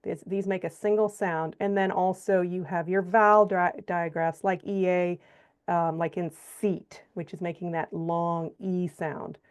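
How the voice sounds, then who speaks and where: A woman giving a phonics lesson to teachers, sounding out syllables slowly and checking in with frequent okays. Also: lowish voice, fairly even intonation, clear, resonant tone. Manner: explains step by step, checks in with frequent okays and all rights; sounds out syllables slowly and stretches example words. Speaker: reading teacher trainer. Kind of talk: instructional presentation.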